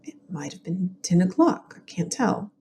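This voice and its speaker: A woman with a Southern US accent reading an older woman neighbor's testimony at an 1890s inquest in a plain, steady way. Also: lowish voice, normal speed. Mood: matter-of-fact.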